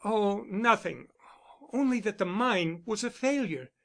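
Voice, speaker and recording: A man's voice: high voice, lively intonation, a little slow, vocal fry, pitched above the performer's own voice, heavily acted. A man voicing a weary, despairing young woman. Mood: uneasy. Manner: pleading, weary. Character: troubled young woman, bitter and yielding.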